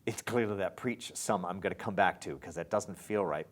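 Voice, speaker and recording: A man teaching lyric writing in a recorded lesson, reading lines of verse aloud slowly and tapping out their stresses while he marks them up. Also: lowish voice.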